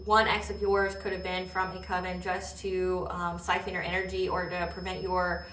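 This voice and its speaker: A woman talks through a tarot reading in a loose, rambling way, often stopping to ask "okay?" Her voice sits low but sounds bright and forceful. The mic is a little distant, so the room echo comes through. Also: completely flat delivery, moderate pace, slight background noise. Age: adult. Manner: rambling, many fillers and "okay?" check-ins; laughs while telling stories. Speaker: tarot reader. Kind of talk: casual spiritual reading.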